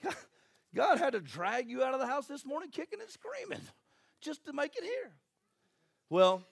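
A man, preaching a sermon in a church with jokey, animated storytelling and acted voices. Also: very high-pitched, vocal fry. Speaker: pastor.

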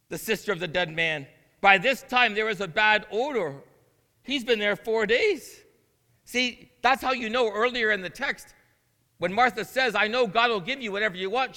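Unhurried yet pushed and bright, the interim pastor's high voice carries long church-hall reverb through the sanctuary. His sermon moves from scripture reading through earnest asides to emphatic proclamation.

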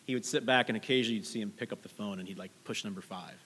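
A man's voice: lowish voice, rapid-fire, fairly bright tone, big-room sound, slight background noise. A man in his thirties preaching a sermon as pastor, telling stories in a conversational way and speaking directly to the congregation. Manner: conversational, storytelling with asides to the congregation. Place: church sanctuary.

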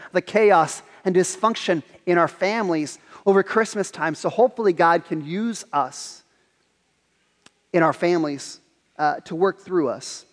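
High-voiced man preaching in a reverberant hall. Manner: animated storytelling with repeated words. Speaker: pastor. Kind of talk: sermon.

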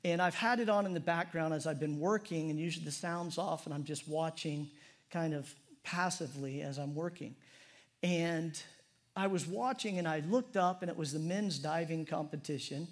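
A middle-aged man preaching a conversational, humorous sermon in a church. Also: moderate pace. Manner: conversational and humorous, prayer drops soft and low. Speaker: pastor.

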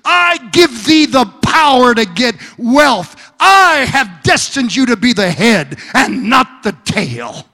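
Preacher booming as God, a loving heavenly father. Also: big pitch swings, takes it slowly, few pauses, in a large hall, full character voice. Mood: proclaiming. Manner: proclaiming, shouting scripture. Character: loving, thundering divine father, male.

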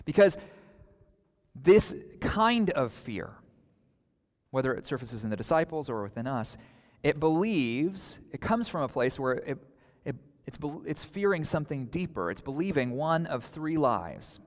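A man preaching a sermon to his congregation, earnest, with dramatic pauses and acted-out outbursts. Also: on the high side, very animated, long reverb tail. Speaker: pastor.

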